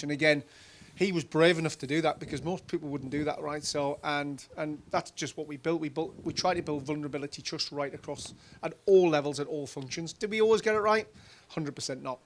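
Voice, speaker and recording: Chatty middle-aged Geordie man, slightly high. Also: brisk, slight background noise. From Newcastle, England. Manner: chatty, animated anecdotes with many fillers. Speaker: keynote speaker. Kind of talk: conference stage Q&A, storytelling.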